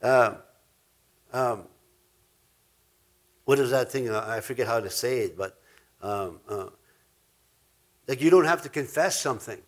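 This preacher has a medium-pitched voice, speaks a little slowly, and pauses often. He teaches from the Bible in a loose, rambling way, frequently correcting himself and acting out the lines he quotes.

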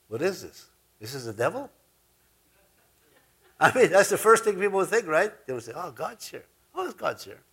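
A man's voice: on the high side, fairly bright tone. Man preaching a loose, rambling Bible study. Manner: rambling, self-correcting, acts out quotes. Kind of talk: informal Bible teaching.

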